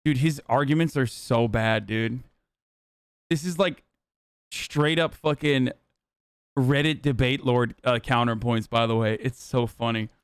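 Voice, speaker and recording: A man's voice: mid-range voice, measured pace, smooth, dry recording. A man hosting a live stream, giving casual, blunt, profane commentary and sarcastic reactions to chat. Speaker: livestream host.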